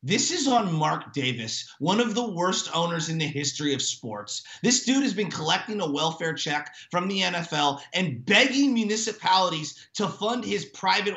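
A man's voice: high voice, pushed and bright, roomy sound. A man co-hosting a sports talk show, ranting emphatically and indignantly about football.

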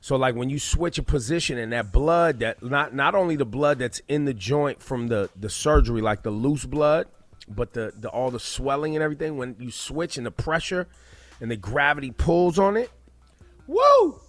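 A morning radio host jokes bluntly and rambles through loose, casual banter into a studio microphone. His mid-range voice moves at normal speed on a dry recording.

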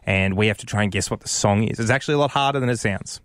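A man co-hosting a radio show in casual banter, excitable and laughing, sometimes breaking into loud bursts, speaking into a studio microphone. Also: on the low side, rapid-fire, dry recording. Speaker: radio co-host. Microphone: studio microphone with headphones.

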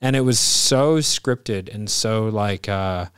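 A man's voice: fairly low pitch, slow, clear, resonant tone, no echo, studio quality. A man hosting a casual podcast chat, telling stories animatedly and acting out the people he quotes with bursts of laughter. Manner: animated storyteller, acts out quoted voices with laughs. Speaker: podcast host.

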